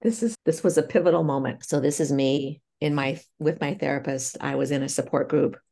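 A woman's voice: low voice, a little fast, creaky, mellow. A woman who is an author, reading aloud from her memoir in an earnest, intimate way.

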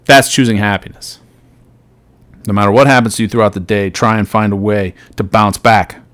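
A middle-aged man hosting a solo podcast, giving an earnest motivational talk that swings between loud and soft. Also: on the low side, steady tone, moderate pace, no echo. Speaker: podcast host.

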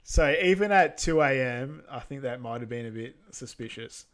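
A man's voice: mid-range voice, lively intonation, normal speed. A man co-hosting over an online call, retelling film scenes in an easygoing way with many ums. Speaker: podcast co-host. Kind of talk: casual movie recap narration.

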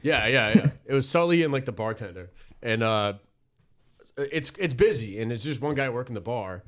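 A man's voice: mid-range voice, animated, moderate pace. A man telling a rambling, profane story in a casual group chat. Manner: rambling storyteller, swears a lot.

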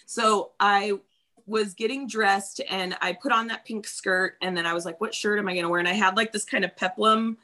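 A woman's voice: mid-range voice, fairly even intonation, normal speed, sharp tone. A woman in her thirties talking candidly in casual chat, swearing freely and acting out what people said.

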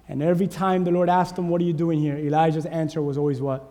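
A man's voice: a little high, flat delivery, fast talker, warm tone, long reverb tail. A male pastor preaching a sermon, urging his congregation with fervent call-and-response.

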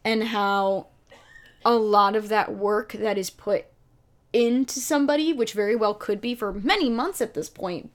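A woman's voice: medium pitch, unhurried. Chatty woman co-hosting a TV recap. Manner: animated, many fillers, acts out quotes. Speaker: podcast co-host. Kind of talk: casual chat.

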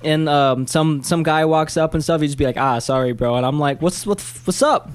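A fairly high-voiced man chatting loosely on a podcast. He rambles and boasts, with lots of swearing and filler words. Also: normal speed, smooth, dry recording. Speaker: podcast co-host. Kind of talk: casual chat.

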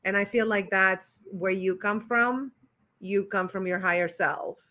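A woman hosting a relaxed interview, with a bright, clear voice. She is affirming and enthusiastic, often cheering on what her guest says. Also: mid-range voice, a little slow. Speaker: interview host. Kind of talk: casual interview chat.

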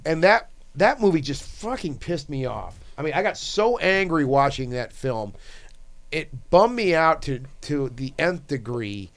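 A man's voice: a little high, lively intonation, unhurried, a bit bright. A man hosting a casual podcast chat, rambling through his thoughts with restarts and frequent swearing.

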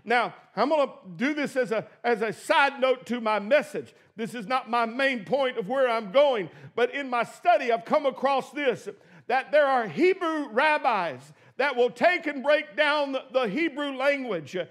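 High-voiced man preaching a sermon. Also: lively intonation, measured pace. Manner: emphatic preaching, swings between shouting and quiet asides. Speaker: pastor.

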